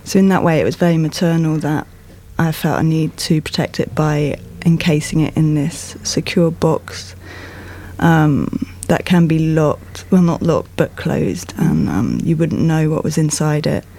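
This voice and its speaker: A woman artist talking about her own work in a casual discussion, reflective and hesitant, with many pauses. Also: deep voice, vocal fry, mellow. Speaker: artist guest.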